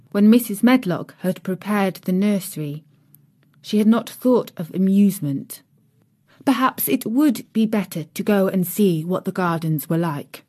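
A woman narrating a classic children's novel in a measured, even storytelling manner. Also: mid-range voice. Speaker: audiobook reader.

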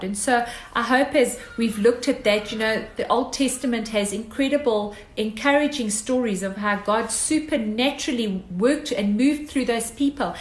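A woman's voice: mid-range voice, reverberant, rough recording. A woman preaching a sermon in an earnest, exhorting way, driving her points home with repeated phrases.

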